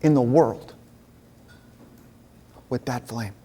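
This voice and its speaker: A man giving a casual storytelling sermon to a men's group, chatty and lively, dropping to a hushed voice at times. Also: medium pitch, slow, slightly rough. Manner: animated, chatty storyteller who drops to a hushed voice. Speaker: men's ministry speaker. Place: meeting room with a live audience.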